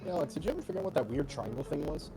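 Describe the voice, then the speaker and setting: Fast, gravelly, animated man. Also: fairly high pitch, music in the background. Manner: excitable, swears freely. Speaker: tabletop game player. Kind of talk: casual game table chat.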